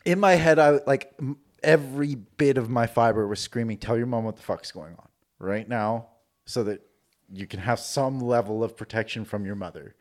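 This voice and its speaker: A man from Canada telling a personal story on a podcast in a casual, profane way, acting out the dialogue. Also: lowish voice. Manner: profane, animated, acts out quoted dialogue. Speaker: podcast guest recounting a personal experience.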